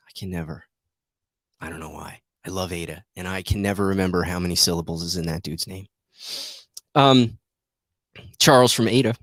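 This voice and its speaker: A man's voice: mid-range voice, dry recording, clean studio sound. A man hosting a trading show, giving rambling, self-deprecating market commentary that keeps turning into a rant.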